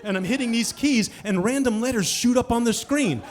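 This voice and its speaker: Brief: man, high voice, live comic storytelling, self-mocking, big dynamic swings. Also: brisk. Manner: animated and self-mocking, swinging from hushed asides to shouted punchlines.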